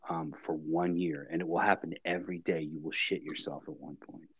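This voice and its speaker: A man co-hosting a podcast, telling a story in casual chat with a dry, deadpan manner. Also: very deep voice, a little fast, highs cut off, slight background noise. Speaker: podcast co-host.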